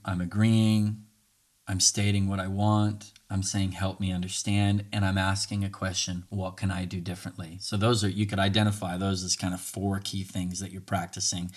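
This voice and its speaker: A man's voice: sits low, little pitch movement, measured pace. A man hosting a podcast in a casual, earnest, coaching way, repeating phrases for listeners to say along. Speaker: podcast host. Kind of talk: casual podcast talk on communication.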